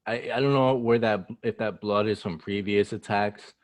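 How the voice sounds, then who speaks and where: A man co-hosting a casual chat, relaxed and full of "you know" fillers. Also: on the low side, normal speed, dry recording. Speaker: co-host.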